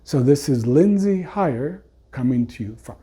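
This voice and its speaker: A man's voice: mid-range voice, animated, unhurried, dark tone, husky. A man who works as a couples counselor, giving an unscripted explanation in a conversational way, full of "you know" fillers and restarts. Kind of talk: unscripted educational talk.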